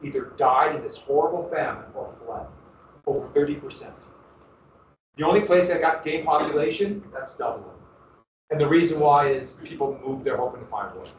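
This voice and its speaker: A man teaching a history class in a classroom, lecturing lively and often asking his students questions. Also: fairly high pitch, normal speed, slight background noise. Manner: lively, asks the class questions, restarts phrases. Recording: roomy, distant, dull classroom recording.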